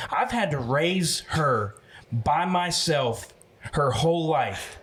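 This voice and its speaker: A man's voice: fairly high pitch, pitched above the performer's own voice. A man improvising as an angry single father confronting a stranger who stole his daughter's doll. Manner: indignant, building intensity.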